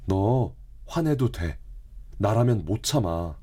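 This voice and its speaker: Man voicing short firm example lines, husky, dark tone, rapid. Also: fairly low pitch, animated. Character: adult man scolding or advising in short example dialogues. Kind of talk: recorded example dialogue.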